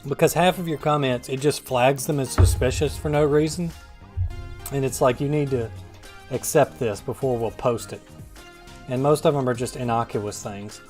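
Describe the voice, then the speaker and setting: Gaming host, male, mid-pitched, wry and self-mocking, faint music underneath. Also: a little mellow. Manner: wry, self-deprecating, rambling. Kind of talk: casual gameplay commentary.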